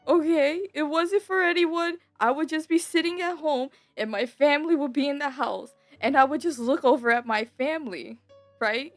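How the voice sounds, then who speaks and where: High-voiced young woman telling a rambling story. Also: normal speed, dry recording. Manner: rambling, slangy, full of "like" and "bro". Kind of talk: casual personal storytelling. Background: soft background music.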